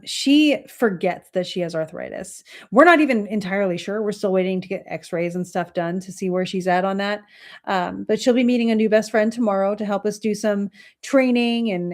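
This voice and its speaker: Chatting with her livestream audience about astrology, a woman in her thirties rambles casually, dropping lots of fillers and gentle laughs. She has a mid-range voice and speaks at normal speed.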